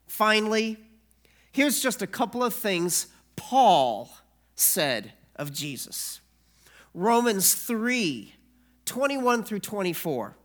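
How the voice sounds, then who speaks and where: A preacher delivers a sermon at an unhurried, measured pace, with a voice of middling pitch. The preacher keeps asking the listeners rhetorical questions. Quoted scripture gets read aloud with building emphasis. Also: very animated, a bit bright.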